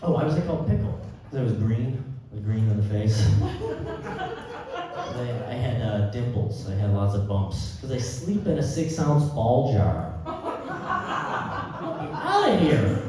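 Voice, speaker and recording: A man performing a live stand-up set of deadpan one-liners, now and then jumping into high-pitched outbursts. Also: a little slow. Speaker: stand-up comedian. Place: theater stage before a live audience. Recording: roomy hall audio from a distance with crowd. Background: audience laughter.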